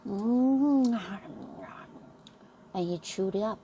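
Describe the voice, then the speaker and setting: A woman reads a bedtime story aloud, taking her time over each phrase. Her pitch rises and falls in a lively way, sitting in a mid range, with a faint hiss of ambient noise behind her. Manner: slow, expressive read-aloud.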